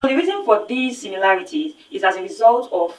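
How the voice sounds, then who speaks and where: A woman with a Nigerian English accent explains phonics like a teacher, stressing and repeating words to model them. Her voice sits back from the mic in a roomy, echoing space, at a middle pitch. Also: big pitch swings, fast, far from the mic. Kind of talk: online pronunciation lesson. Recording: echoey room, voice set back from the mic.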